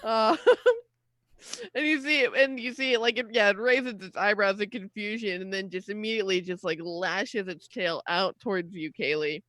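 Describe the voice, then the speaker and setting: Giggly woman dm narrating combat, bright tone, dry close sound. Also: medium pitch, steady tone, moderate pace, no echo. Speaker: dungeon master. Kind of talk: narrating a tabletop game.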